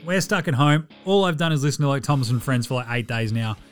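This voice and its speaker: A man's voice: medium pitch, lively intonation, fast, soft background music. An Australian man hosting a sports podcast in casual chat, profane and ranting, laughing often. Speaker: podcast host.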